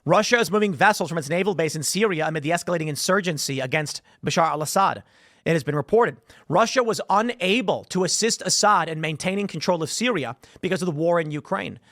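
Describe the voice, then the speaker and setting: A man's voice: a little high, fast talker, fairly bright tone, dry recording. Rambling male political commentator, dry studio. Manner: rambling, repeats words, reads headlines aloud. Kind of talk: solo news commentary.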